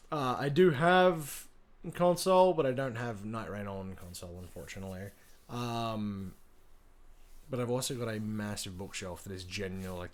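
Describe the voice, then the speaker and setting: A man, chatting casually with his live-stream audience, swearing freely and greeting viewers by name, tired from little sleep. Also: medium pitch. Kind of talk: casual gaming stream chat. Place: home room with a large bookshelf.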